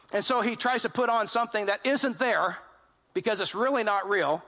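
Pastor, male, high and bright-toned, animated storyteller who quizzes the room. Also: normal speed. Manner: animated storytelling, asks the congregation questions; acts out quoted voices in his retelling. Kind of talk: sermon.

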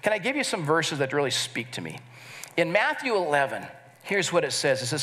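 A middle-aged pastor preaching with earnest warmth, leading his congregation in call-and-response. His voice sits a little higher than most men's. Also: very animated, a little fast. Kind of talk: sermon.

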